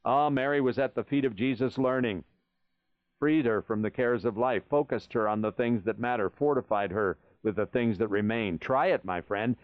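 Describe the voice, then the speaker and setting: A man's voice: medium pitch, normal speed, no room sound. A man preaching a sermon in an earnest, pastoral way, speaking to the listener as a friend. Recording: dry, dull lo-fi sound.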